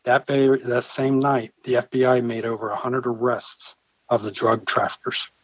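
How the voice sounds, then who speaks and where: A man with a mid-range voice, a pastor recounting a dramatic story in an earnest, storytelling way, lively in how he voices the people he quotes. The sound is dry and close, with a dull, slightly lo-fi edge. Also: medium pitch, normal speed, no room sound. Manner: earnest, vivid storyteller who acts out his own quoted dialogue. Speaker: church pastor. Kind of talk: personal storytelling in an interview.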